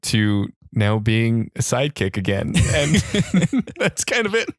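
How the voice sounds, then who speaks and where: A man's voice: mid-range voice, very animated, slow, no room sound, clean studio sound. A young man co-hosting a casual film podcast, summarizing the plot in a breezy, jokey way. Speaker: podcast co-host.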